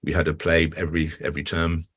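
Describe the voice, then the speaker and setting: An older British man with a very low, deep voice talks through his story in a loose, rambling way. He restarts his sentences and fills gaps with ums, like a guest settling into a relaxed interview chat. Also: fast, slightly rough. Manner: acts out quoted voices with big pitch jumps. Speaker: guest actor.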